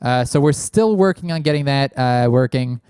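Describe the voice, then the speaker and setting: Guy hosting a call-in show, smooth clear voice, dry close mic, lots of ums. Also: mid-range voice, normal speed, darkish tone, no room sound. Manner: rambling, many fillers. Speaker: podcast host. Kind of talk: casual call-in chat. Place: small unfinished studio. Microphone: large studio mic, spoken into closely.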